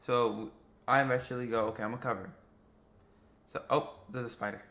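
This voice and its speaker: A young man casually narrating gameplay footage, rambling and excitable, swearing freely. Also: medium pitch, fairly quick, long pauses. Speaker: gaming vlogger.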